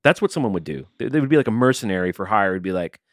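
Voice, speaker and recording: A man's voice: fairly low pitch, rapid-fire, dry recording, studio quality. A man co-hosting a podcast in casual chat, reading listener emails and joking around animatedly. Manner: animated, puts on silly voices for jokes. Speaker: podcast co-host.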